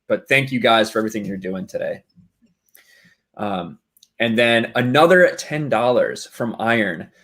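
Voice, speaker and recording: Stream host, man, mid-pitch, relaxed and thankful while reading donations. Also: a little slow. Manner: easygoing, thanking viewers. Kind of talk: casual chat.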